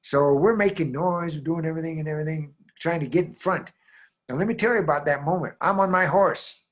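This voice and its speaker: Husky man telling a dramatic tale. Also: on the high side, a little fast. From American Southwest. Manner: dramatic, swings from hushed to loud; talks straight to listeners with frequent "right?". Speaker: storyteller. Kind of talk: oral storytelling performance.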